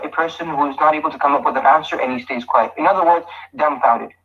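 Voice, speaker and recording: A man's voice: on the high side, muffled recording. A man giving a Quran commentary lesson, explaining step by step, repeating phrases and reciting Arabic verses. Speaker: Quran teacher. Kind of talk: tafsir lesson.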